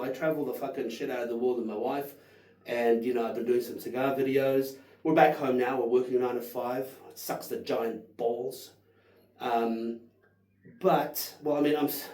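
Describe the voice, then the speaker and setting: A man in his thirties tastes whisky and rambles through his notes, swearing freely and gushing about flavors. His voice is warm and mellow, and it sounds a little distant in a roomy, echoey space. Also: mid-range voice. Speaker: whisky reviewer. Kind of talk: casual tasting vlog.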